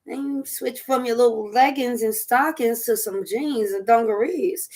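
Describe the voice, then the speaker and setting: A woman chatting casually over dinner as a vlog host, animated, laughing often and riffing through asides. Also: a little high, measured pace, few pauses. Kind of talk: casual chat while eating dinner.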